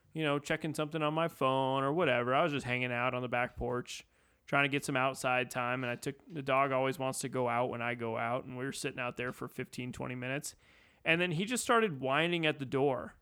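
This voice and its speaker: A young man with a bright, crisp voice, chatting on a podcast from a home mic. He rambles freely and fills his talk with "like". His tone stays clean and clear. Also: medium pitch. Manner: rambling, leans on "like", acts out his own reactions. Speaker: podcast participant. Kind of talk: casual chat. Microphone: home mic on a remote podcast setup.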